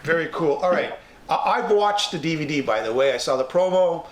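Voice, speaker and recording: A man's voice: on the high side, lively intonation, fairly quick, echoey room. A man from Canada hosting an interview, effusive and gushing with praise. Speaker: interview host. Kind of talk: casual interview.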